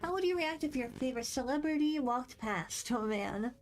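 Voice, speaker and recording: Reading quiz questions aloud on a stream, a young woman chats casually and rambles in a bubbly, self-deprecating way. Her voice is high with lively intonation, and she talks at normal speed. Faint music can be heard behind her.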